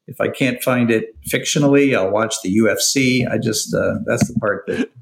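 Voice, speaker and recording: A middle-aged man chatting as an interview guest, relaxed and halting, often chuckling between thoughts. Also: mid-range voice, creaky, reverberant, poor audio. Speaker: TV writer and producer, guest. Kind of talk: casual interview conversation.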